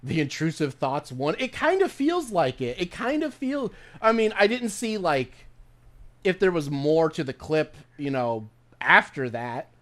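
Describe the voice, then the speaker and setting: A man with a fairly high voice chats while streaming a game. He rambles and swears freely, often stopping and restarting mid-sentence in loose, casual commentary. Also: very animated, unhurried, fairly bright tone.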